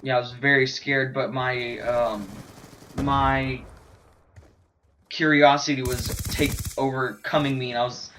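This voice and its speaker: A man in a middle pitch tells a rambling story as he plays. He stumbles through fillers and restarts and adds animated sound effects. Faint video game gunfire runs behind him. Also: a little slow, slight background noise. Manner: hesitant, many fillers and restarts. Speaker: gaming commentator. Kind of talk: rambling storytelling over gameplay.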